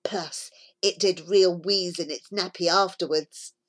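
A woman narrating a children's book aloud, telling it in a lively, childlike first-person way. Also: on the low side, unhurried. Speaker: audiobook narrator.

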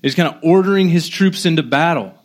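A man preaching a sermon in a conversational, animated way, poking fun at himself and often restarting sentences. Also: on the high side, fairly quick. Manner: conversational, animated, self-deprecating, with frequent restarts. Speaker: pastor.

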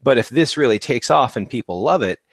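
A man's voice: mid-range voice, expressive, a little fast, vocal fry, no room sound. A man on a podcast as a guest publisher, explaining things in a plain, matter-of-fact way over a remote call. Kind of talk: casual chat.

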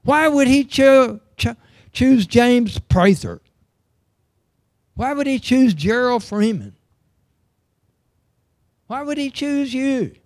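Male preacher, middle-aged, higher voice, unhurried, emphatic sermon delivery, dry close sound. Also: animated, no room sound. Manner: earnest, emphatic, reads scripture aloud.

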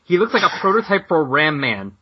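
A man's voice: fairly high pitch, very animated, fairly quick, muffled recording, a little hiss or hum. A man co-hosting a podcast, chatting casually and jokingly about comics. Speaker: podcast co-host. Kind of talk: casual chat.

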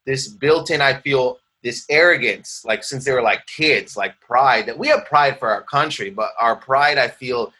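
A man in his thirties from Canada who talks in a ranty, stream-of-consciousness way. His voice is bright and forward, and he keeps breaking into quick playful impressions as he tells stories in a casual interview. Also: mid-range voice. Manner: ranty, rambling storytelling with playful put-on voices. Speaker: stand-up comedian, guest.

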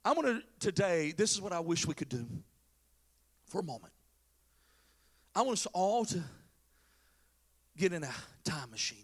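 A man preaching a sermon as pastor, telling a story with lively, casual acted-out voices. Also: high-pitched, moderate pace, long pauses. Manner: animated storytelling, acting out biblical characters in casual slang.

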